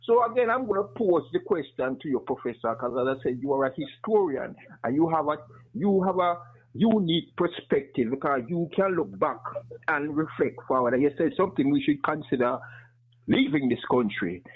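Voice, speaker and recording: A man's voice: fairly high pitch, animated, normal speed, husky. A man with a noticeable accent calling in over the phone, asking a question with passion. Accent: non-American accent. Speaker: caller. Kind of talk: call-in question. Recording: tinny phone line.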